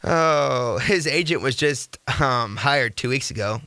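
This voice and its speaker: A young man hosting a casual sports talk radio show, energetic and rambling, who slips into rhetorical rants. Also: medium pitch, moderate pace, no echo.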